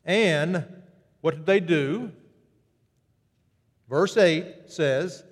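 A man preaching a sermon, animated and storytelling, who jumps his pitch up high to act out quoted greetings. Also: drawn-out words, pauses often, big-room sound. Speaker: pastor.

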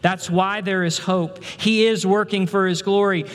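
A man preaching a sermon as pastor, earnest, rising in intensity and then dropping to a hushed, tender tone. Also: high-pitched, steady tone, unhurried, few pauses, long reverb tail.

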